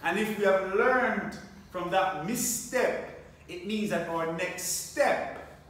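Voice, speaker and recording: A man's voice: sits high, slow, a bit bright, a little hiss or hum. A man preaching a sermon, repeating phrases and asking the congregation rhetorical questions. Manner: repetitive, rhetorical questions, call-and-response. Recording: very echoey, from a distance.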